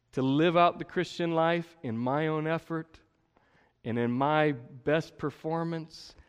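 A man preaching a sermon, full of rhetorical questions and sudden hushed emphasis. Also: a little high, clean tone. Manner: emphatic, rhetorical questions, drops to a hush for stress. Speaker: pastor. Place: church sanctuary. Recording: long hall reverb.

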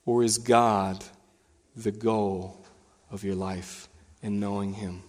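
A man preaching a sermon as pastor in a church, animated, his voice climbing higher and louder when he retells scenes. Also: takes it slowly, in a large hall. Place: church sanctuary.

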